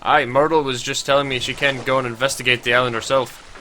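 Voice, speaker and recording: A man's voice: fairly high pitch, moderate pace, bright, forceful tone, slight background noise. A man with a stuffy cold reading aloud as a jesting male adventurer, in a put-on accent. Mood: teasing. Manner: teasing, jokey. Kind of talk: reading game dialogue aloud.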